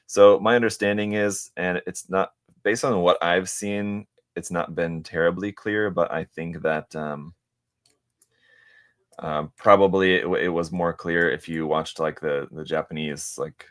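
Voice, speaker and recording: A man's voice: low-pitched, fairly even intonation, unhurried. A man hosting a live stream while he builds a model kit, chatting casually and answering viewers. He rambles with many fillers and restarts, and now and then mutters to himself as he works.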